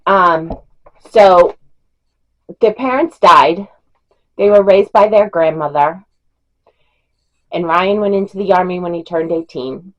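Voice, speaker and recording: A woman's voice: on the low side, slow pace, pauses often, highs cut off. A middle-aged woman chatting casually as a book reviewer, rambling with fillers and small laughs. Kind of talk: casual chat.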